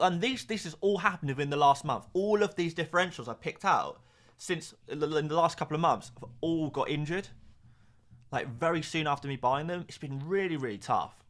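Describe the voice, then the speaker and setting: Young male streamer, slightly high voice, rambling sarcastic live chat. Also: a bit bright. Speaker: fantasy football streamer.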